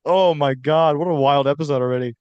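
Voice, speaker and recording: A man's voice: a little high, a little fast, clear, resonant tone, no echo, dull audio. A young man from South Carolina co-hosting a casual chat podcast, rambling and laughing as he tells stories. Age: young adult. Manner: rambling, laughs often, animated storyteller. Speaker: podcast co-host.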